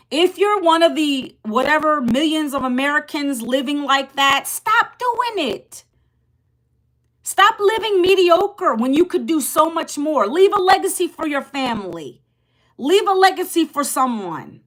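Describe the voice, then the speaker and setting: A woman in her fifties hosting a casual livestream, loud and passionate, rambling and emphatic as she repeats herself. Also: high voice. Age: 50s. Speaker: livestream host.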